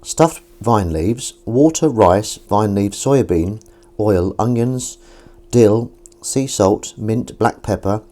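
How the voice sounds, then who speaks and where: Washing up at his kitchen sink, a man chats to his live stream in a lowish, mellow voice, taking it slowly. He rambles, reads viewers' comments out loud, and swears now and then.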